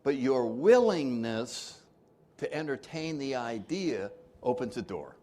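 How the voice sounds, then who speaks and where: A man's voice: medium pitch, big pitch swings, slow, a little mellow. A man leading a twelve-step recovery workshop, joking with the room and acting out the people he quotes. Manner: jokey, acts out quoted voices, laughs often.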